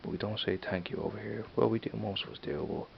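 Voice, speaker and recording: A man's voice: on the low side, fast, creaky, highs cut off, slight background noise. A man with a Dublin accent chatting casually in a home vlog, rambling and repeating "you know what I mean". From Ireland. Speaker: vlogger. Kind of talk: casual accent tag video.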